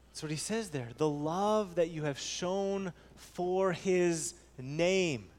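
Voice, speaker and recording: A man preaching a sermon earnestly, repeating key phrases and swinging between soft low passages and raised emphatic ones. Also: slow, hardly any pauses. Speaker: pastor. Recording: long hall reverb.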